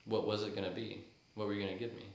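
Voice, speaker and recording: A man's voice: fairly low pitch, level tone, racing, gravelly. A young man hosting a podcast in casual, joking chat, teasing his guest and laughing easily. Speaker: podcast host. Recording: echoey room, faint background noise.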